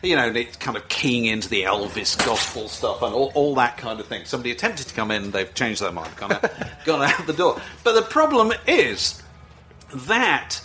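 A man's voice: mid-range voice, very animated, moderate pace, noisy background. A male radio presenter chatting enthusiastically, with plenty of "you know" fillers. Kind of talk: casual chat.

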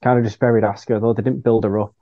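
Mellow man on a dull mic. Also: on the low side, fairly even intonation, racing, dry recording. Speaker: podcast co-host. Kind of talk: casual chat.

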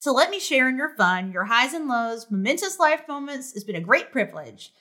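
Woman, very high, bright, bubbly, animated, reads fan mail. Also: a little fast. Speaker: podcast cast member. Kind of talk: casual chat, reading listener messages.

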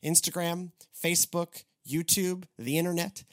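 A man hosting a church podcast in casual chat, rambling with restarts and animated asides. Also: a little high, moderate pace. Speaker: podcast host.

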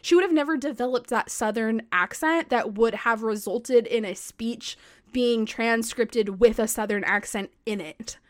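A woman co-hosting a podcast, telling history in a casual, excitable way, full of "like" and the odd swear. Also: fairly high pitch, a little slow. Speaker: podcast co-host.

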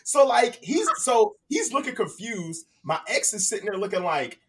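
A man's voice: high-pitched, moderate pace, distant mic. A man casually telling a long funny story on a podcast, acting out the people he quotes. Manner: animated, acts out the people he quotes.

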